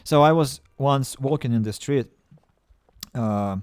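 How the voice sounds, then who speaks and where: Halting man streaming a game. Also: mid-range voice, a little mellow, clean tone, no room sound. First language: Russian. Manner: halting, stammering restarts, playful self-mocking. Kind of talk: casual game-stream chat.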